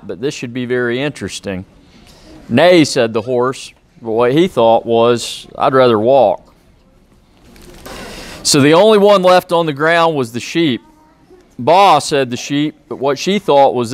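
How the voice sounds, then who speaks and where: A police officer reading a children's picture book aloud, with friendly, plain-spoken asides to young listeners. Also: male voice, mid-range voice. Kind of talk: children's storybook read-aloud.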